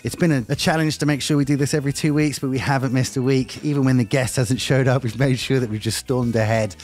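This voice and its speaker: A man's voice: mid-range voice, fairly even intonation, quick pace, a little mellow. A man hosting a live online talk show, rambling jokily and teasing himself as he introduces his guest. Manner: jokey, rambling, self-mocking. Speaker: host.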